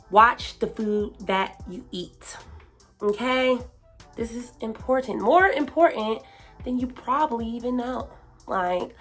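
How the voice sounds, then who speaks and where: Chatty woman vlogger with soft music. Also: fairly high pitch. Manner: chatty, lots of fillers, hypes herself up. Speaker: self-help vlogger. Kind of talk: casual advice monologue.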